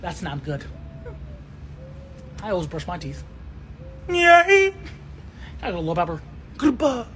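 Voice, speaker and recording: A man's voice: on the high side, big pitch swings, moderate pace, pauses often, noisy background. A man doing brash, swaggering comedy sketches in slangy talk, laughing often. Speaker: comedy creator.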